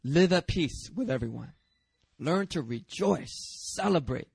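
High-voiced man preaching a lively sermon. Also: unhurried, vocal fry, breathy edge, no echo, clean studio sound. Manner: lively and conversational, with asides and laughter; confrontational, self-deprecating humor. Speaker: pastor.

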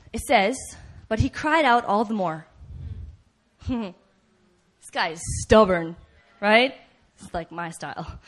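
Woman preacher, sermon delivery, conversational and animated, slightly high voice. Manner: animated storytelling, acts out voices and shouts; conversational, frequent "right?" asides.

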